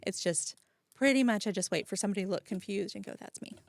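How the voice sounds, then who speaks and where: A woman's voice: mid-range voice, fast talker, creaky, no echo, studio quality. A woman appearing as a guest on a local talk show, chatting casually with a light, self-deprecating humor and frequent laughs. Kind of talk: casual interview chat.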